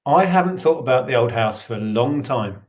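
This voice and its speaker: A man from England co-hosting a relaxed conversation about reselling, chatty and opinionated. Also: mid-range voice, moderate pace. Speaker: co-host. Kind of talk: casual chat.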